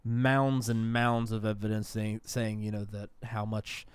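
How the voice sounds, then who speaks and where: Smooth-voiced man rambling on a podcast. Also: on the low side, flat delivery, measured pace, dry recording. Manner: rambling, with many restarts. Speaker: podcast co-host. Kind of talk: casual chat.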